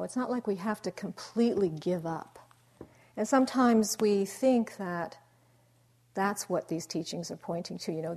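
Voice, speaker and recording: A middle-aged woman meditation teacher giving a dharma talk in a reflective, unhurried way, dropping into soft asides. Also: lowish voice.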